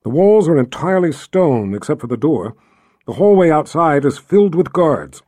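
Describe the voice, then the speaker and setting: An earnest, loyal young fighter from a storybook, voiced by a male narrator. The voice is husky and mellow, with a plain, steady delivery. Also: on the high side, normal speed, no room sound.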